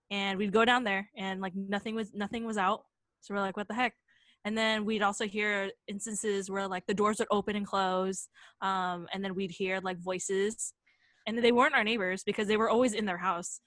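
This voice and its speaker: A woman's voice: mid-range voice, a bit bright, no room sound. Young woman telling a ghost story. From San Jose, California. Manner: chatty, many fillers and quoted voices. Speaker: podcast co-host. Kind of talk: casual storytelling.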